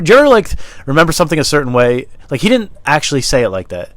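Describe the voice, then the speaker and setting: A podcast host with a mid-range voice races through a very animated, rambling solo episode, self-deprecating and swearing a lot. He's a bit out of breath, smoking on his home's wooden basement stairs into a small wired mic, and the recording is dry.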